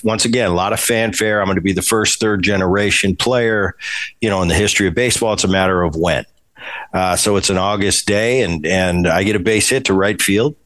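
A man hosting a podcast, a former ballplayer telling stories in casual chat and acting out the quoted exchanges. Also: on the low side. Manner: animated, acts out quoted exchanges.

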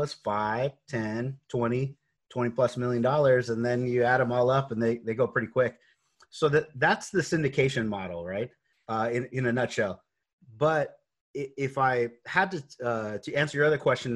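A man speaking as an interview guest, earnest and faith-driven, telling his story with many fillers and restarts. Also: medium pitch. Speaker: guest, real estate investor.

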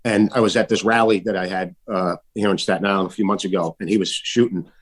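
A man, an artist guest talking in a casual, emphatic way, swearing often and jumping his voice high when he mimics others. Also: steady tone, quick pace. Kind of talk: casual political chat.

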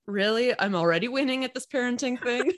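A woman's voice: a little high, fairly quick, no room sound, clean studio sound. A woman talking casually as a guest, acting out quoted lines and laughing now and then. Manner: expressive, quotes herself and others, laughs. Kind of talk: casual chat.

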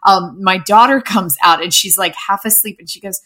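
A woman's voice: medium pitch, normal speed, bright, forceful tone. A middle-aged woman co-hosting a podcast in casual film chat, telling stories in an easygoing way. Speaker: podcast co-host.

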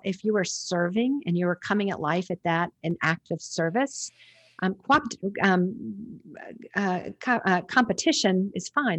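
Reflective woman guest, low-pitched voice. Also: no echo. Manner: reflective, rambling with restarts. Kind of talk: podcast interview.

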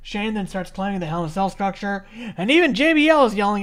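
A co-host in their thirties from Minnesota, recapping a match in loose, profane chat. The voice is mid-pitched and very expressive, rising and dropping widely. Lots of filler words and restarts keep it rambling. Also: fairly quick. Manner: lively, swearing freely, many likes and restarts. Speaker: podcast co-host.

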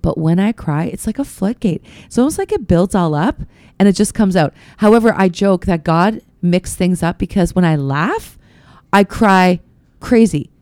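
Animated woman in casual chat. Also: fairly low pitch, moderate pace, dry recording. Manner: animated, laughs often, acts out quotes.

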